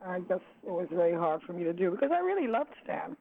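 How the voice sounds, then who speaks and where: An older woman, a jazz singer, reminiscing in an interview, halting and searching for words with many restarts. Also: fairly low pitch, big pitch swings. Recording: tinny phone line.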